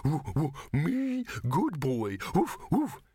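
A man's voice: a little high, huge pitch swings, takes it slowly, mellow, husky, no echo, studio quality, voice pushed up, heavily acted. A man voicing an overexcited young dog in an audiobook, yelping with breathless eagerness. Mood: overjoyed.

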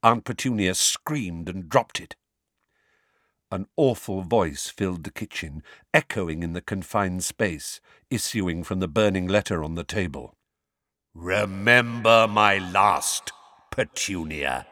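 A man narrating an audiobook in a dramatic, expressive reading. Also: low-pitched, measured pace, no echo, studio quality.

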